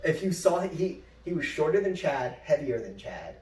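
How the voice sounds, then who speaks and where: A young man with a slightly high voice tells stories in an animated, swearing podcast chat, jumping into the voices of the people in them. He sounds set back from the mic in a roomy, echoing space. A faint hiss sits under the talk. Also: moderate pace. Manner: animated storytelling, profane, acts out quotes. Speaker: podcast co-host. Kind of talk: casual chat. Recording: roomy echo, mic at a distance.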